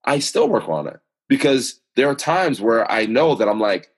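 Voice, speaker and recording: A man's voice: medium pitch, big pitch swings, normal speed, husky. A man speaking as an interview guest, talking in an earnest, emphatic, motivational way as he tells personal stories. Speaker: guest, author and speaker on self-awareness. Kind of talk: podcast interview conversation.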